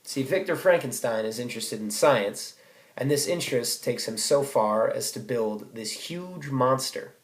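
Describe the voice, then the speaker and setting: A man's voice: medium pitch, lively intonation, measured pace. Teen boy, student speech, wry storyteller with sudden outbursts; echoey room. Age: teens. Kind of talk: comic personal essay read aloud.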